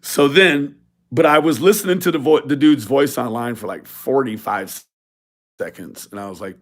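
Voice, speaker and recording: A man's voice: medium pitch, normal speed. A man telling a profane, mocking story in a casual rant, often acting out other people's lines. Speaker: video blogger.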